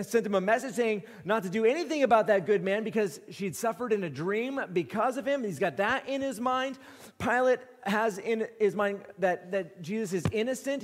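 A man with a high voice preaches a sermon, walking through the text and pressing his points by saying them twice. His words ring out with the long reverb of a large hall. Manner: emphatic, repeats phrases for stress. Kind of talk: expository sermon.

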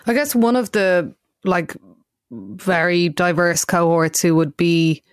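An interviewer puts a question to a guest slowly and tentatively, hedging as they go. The voice sits at a middle pitch and sounds dry and close, with no room echo. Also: clear, resonant tone.

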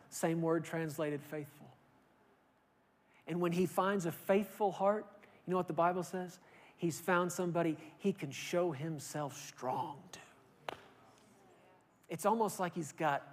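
A man preaching a sermon, emphatic, swinging from loud declarations to hushed, quiet lines. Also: sits high. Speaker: pastor.

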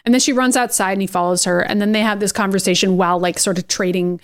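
A woman's voice: mid-range voice, fairly even intonation, fast. A young adult woman co-hosting a podcast, casually recapping an episode, swearing freely and retelling scenes. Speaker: podcast co-host.

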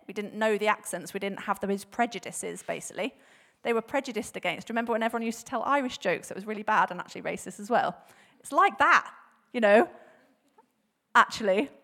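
A woman giving a casual, chatty church talk, with frequent fillers and laughter. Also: mid-range voice. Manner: chatty, laughs often, many fillers and restarts; animated, acts out bible quotes with voices. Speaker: church speaker.

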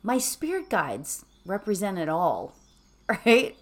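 A woman guide with a slightly hoarse early-morning voice talks listeners into a meditation. She takes her time, unhurried and drawn out, chatting easily and laughing between thoughts. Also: medium pitch, wildly swooping pitch. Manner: chatty, laughs often, tags lines with "right?".

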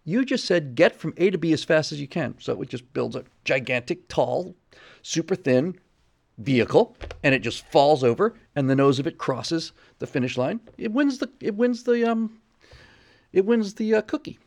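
A man's voice: on the high side, expressive, normal speed, creaky. A middle-aged man hosting a livestream in casual chat; he rambles and repeats words while reading viewer messages. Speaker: livestream host.

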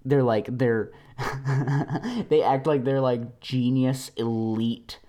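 Talking alone, this podcaster goes on a meandering rant packed with filler words and chuckles. His volume swings between soft mutters and animated shouts, and his delivery is very slow.

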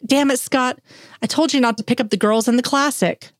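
A woman narrating an audiobook voices an annoyed young man scolding his friend in an exasperated tone. She speaks a little fast in a high voice, pitched above her own but close to everyday speech. The recording is dry, clean studio sound.

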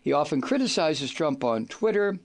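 Male radio host, fiery theatrical ranter, high and very animated. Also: moderate pace. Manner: angry, insulting, theatrical ranting. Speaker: radio talk show host. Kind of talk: political talk radio rant.

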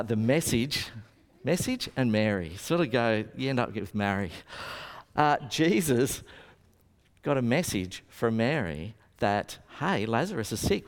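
A man preaching a sermon, telling stories and acting out the voices of the people in them. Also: mid-range voice. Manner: storytelling, acting out the people he quotes. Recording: long reverb of a hall.

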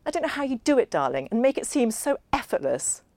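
High trilling gushing woman, narrator putting her on, dry close sound. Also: big pitch swings, quick pace, darkish tone, no echo.

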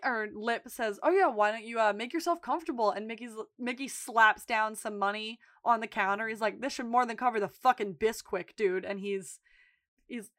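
A woman co-hosting a podcast, retelling scenes in animated casual chat and acting out the quotes. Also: a little high, no echo, clean studio sound. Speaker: podcast co-host recapping episodes.

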